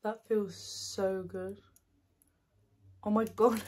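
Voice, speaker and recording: A woman doing ASMR snack tasting, soft-spoken, giggly and gushing into a close microphone. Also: mid-range voice, little pitch movement, measured pace, creaky, pauses often, breathy edge. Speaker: ASMR creator.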